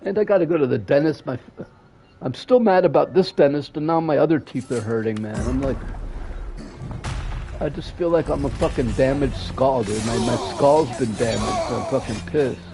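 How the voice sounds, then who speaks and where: Over music, a man streaming a video game rambles in casual chat with a mid-range voice at a moderate pace. Restless and aggrieved, he swears constantly, trailing off mid-sentence and starting again.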